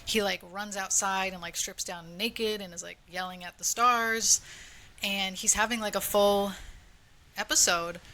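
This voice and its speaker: Bright-voiced young woman podcast co-host. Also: medium pitch, steady tone, measured pace. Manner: chatty storytelling, lots of "like". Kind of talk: casual chat. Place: home room.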